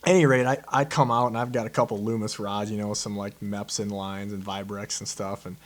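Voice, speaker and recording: A man's voice: lowish voice, flat delivery, a little fast. Chatty male podcast host. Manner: chatty, jumps in with his own stories. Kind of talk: casual chat.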